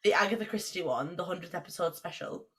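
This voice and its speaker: A woman co-hosting a podcast in casual chat, animated, swearing freely and laughing often. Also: lowish voice, fast. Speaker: podcast co-host.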